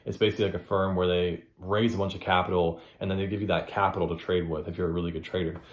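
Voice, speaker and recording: Deep, level, and fast, the male podcast host's voice carries a roomy sound as he drives his solo motivational show. His delivery is blunt and full of profanity, and he repeats himself for emphasis.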